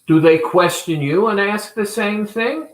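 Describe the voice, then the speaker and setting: A man with a slightly high voice talks to viewers about a weight-loss clinic, slowly and with many pauses. He is earnest and deliberate throughout. His voice rings with the echo of a roomy space. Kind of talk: promotional talk to viewers.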